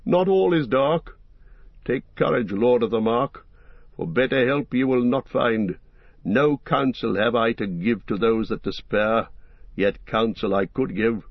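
A man voicing a stern old male wizard who speaks in a clear, cold, commanding voice. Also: medium pitch, dry recording. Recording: dull dry lo-fi recording.

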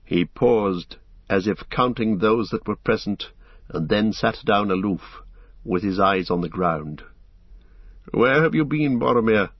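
A male narrator reading a fantasy storybook aloud in a measured, steady voice. His tone is low and a little husky, recorded close and dry with a slightly dull sound. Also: no room sound.

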